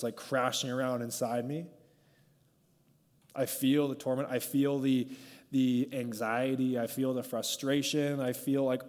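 A man preaching in a relaxed, chatty way, drifting off his notes and filling his sentences with "like". His voice sits at an ordinary middle pitch, and it carries a long reverb from the hall around him. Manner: conversational, peppered with "like", going off script. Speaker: pastor. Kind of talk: informal sermon and prayer.

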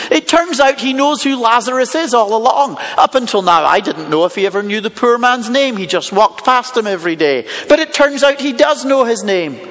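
A man's voice: very high voice, fairly bright tone. A man preaching a sermon, telling a Bible story with rhetorical questions. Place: church hall with congregation and online viewers. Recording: long hall reverb.

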